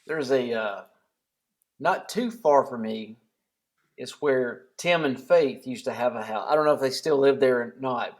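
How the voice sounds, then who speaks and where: A man in casual podcast chat as a guest, joking and rambling loosely. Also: medium pitch.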